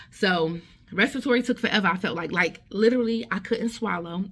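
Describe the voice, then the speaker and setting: A middle-aged woman with a lowish voice recounts a personal story to her viewers. She talks casually, keeps checking in with her listeners, and often restarts her sentences as she goes. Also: brisk, fairly bright tone. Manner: conversational, tag questions and restarts. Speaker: vlogger.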